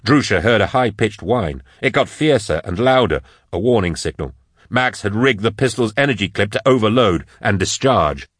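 A man reading an action audiobook in a steady, dramatic scripted narration. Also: lowish voice, slightly rough, dry recording, studio quality.

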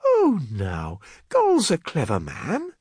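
A man doing a gentle soothing young woman. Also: lowish voice, wildly swooping pitch, slow, slightly rough, no room sound, studio quality, pitched above the performer's own voice, full character voice. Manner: soothing, gentle but firm. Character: calm, caring young woman soothing children.

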